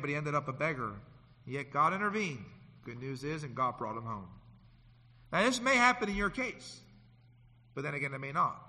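A man preaching a sermon, swinging from loud to hushed and acting out the people in his stories. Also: on the high side. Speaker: pastor. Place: church sanctuary. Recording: long hall reverb.

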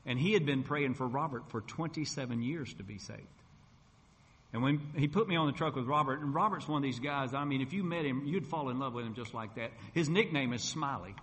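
A man delivers his testimony like a sermon, with a bright, ringing voice. He tells his story with energy and acts out each exchange. The sound carries a long hall reverb. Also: medium pitch, brisk. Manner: lively storyteller who acts out dialogue. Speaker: preacher sharing his testimony.

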